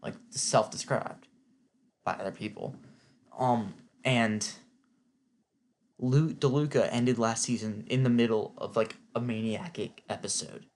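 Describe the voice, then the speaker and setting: A man's voice: mid-range voice, unhurried, darkish tone, slight background noise. A man giving a casual, opinionated spoken recap, chatty and filling his talk with "like". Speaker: TV recap vlogger.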